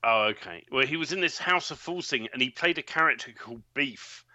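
A man with a very sharp, bright voice talks in a relaxed, halting way, often restarting his sentences. The recording is dry and somewhat dull in the highs. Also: no room sound. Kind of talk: casual chat. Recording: slightly dull, muffled audio.

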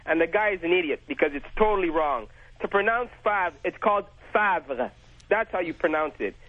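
A man from France calling a radio show, excited and indignant, laughing easily. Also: sits high, quick pace, no echo. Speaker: caller. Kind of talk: phone-in call to talk radio. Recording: muffled phone line.

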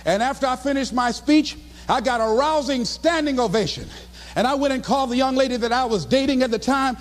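A man's voice: very high-pitched, brisk, long reverb tail. A man giving a live motivational speech, emphatic and repetitive as he exhorts the audience. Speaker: motivational speaker.

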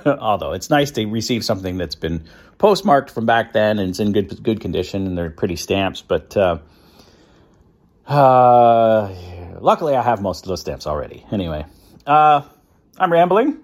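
A man's voice: on the low side, expressive, moderate pace, dry recording. A man hosting his own podcast, chatting in a casual rambling way with lots of fillers and laughs, a little out of breath as he walks his dog outdoors. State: out of breath while walking. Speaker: podcast host. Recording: outdoor field recording with noise. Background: dog and outdoor ambience.

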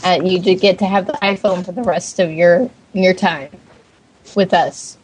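A woman's voice: on the low side, steady tone, measured pace, a little mellow, slight background noise. A woman making a prank phone call as a phone company rep, brash, abrupt and profane.

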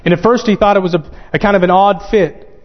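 A man preaching a sermon, fervent and growing excited as he quotes scripture. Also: high-pitched, brisk. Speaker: pastor. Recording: dull lo-fi sound with long hall reverb.

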